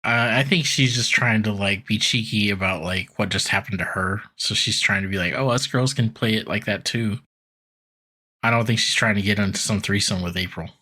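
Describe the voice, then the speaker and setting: Low-voiced man casually recapping cartoons. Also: moderate pace, sharp tone. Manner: loose, profane, full of "like" asides. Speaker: podcast co-host recapping episodes.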